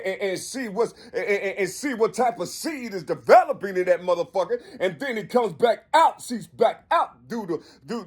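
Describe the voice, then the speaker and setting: A man in his fifties delivering a rambling, profane spiritual monologue, repeating himself and building to shouts. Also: sits high, breathy edge. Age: 50s.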